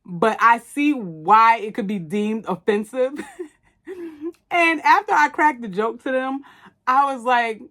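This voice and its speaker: A woman's voice: on the high side, slow pace, sharp tone. A woman hosting a podcast, giving blunt, casual commentary full of "like" and swearing. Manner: chatty, blunt and profane, with many "like" fillers. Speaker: podcast host reviewing a movie.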